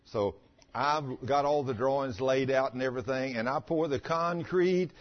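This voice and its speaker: A pastor, preaching and telling personal stories in a folksy, chatty way with stammering restarts. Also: male voice, mid-range voice, normal speed. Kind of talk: sermon with personal storytelling. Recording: muffled lo-fi recording.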